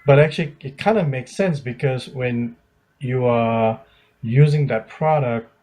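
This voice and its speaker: A man co-hosting a podcast, talking in a relaxed, hesitant way with many fillers. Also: medium pitch, unhurried, soft background music. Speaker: podcast co-host. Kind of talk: casual chat.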